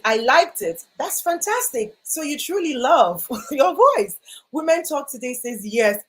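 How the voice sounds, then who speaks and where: A woman's voice: fairly high pitch, slightly rough. A woman speaking at a live online workshop, encouraging and repetitive, reading viewers' comments aloud. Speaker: voice coach speaker.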